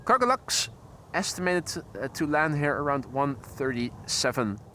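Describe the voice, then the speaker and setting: Bright-voiced Dutch man commentating planes. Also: a little high, very animated, a little slow, a little hiss or hum. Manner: chatty, precise, self-correcting. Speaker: live plane-spotting stream host. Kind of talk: live commentary with chat greetings. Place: outdoors by an airport runway.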